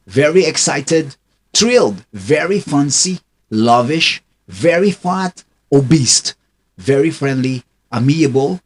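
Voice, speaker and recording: Guy doing a chill vocab vlog, husky voice, takes it real slow, reads words off in a steady beat. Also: medium pitch. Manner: slow, hesitant delivery with many uh fillers; reads a list in a steady rhythm. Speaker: host.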